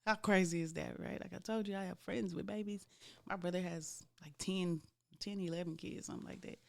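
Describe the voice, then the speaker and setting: A woman's voice: fairly low pitch, steady tone, brisk, gravelly. A woman in her thirties hosting a podcast, telling a candid, faith-filled personal story and talking straight to her listeners. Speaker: podcast host.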